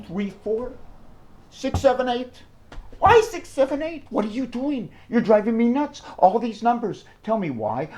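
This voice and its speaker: A man in a rambling monologue, jumping excitedly between numbers and firing off rhetorical questions. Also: slight background noise. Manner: wide swings in pitch and loudness. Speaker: numerology video maker.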